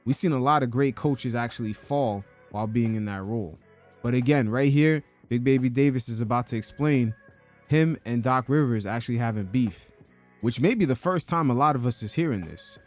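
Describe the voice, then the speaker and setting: A man's voice: mid-range voice, moderate pace, soft background music. Male podcast host; casual, wry commentator, mid-range voice. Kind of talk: commentary over an interview clip.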